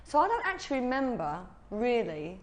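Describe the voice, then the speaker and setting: A woman's voice: fairly high pitch, sing-song, moderate pace, crowd noise. An English woman on a parenting panel, speaking in a modest, matter-of-fact way. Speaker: panel guest. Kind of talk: casual panel chat.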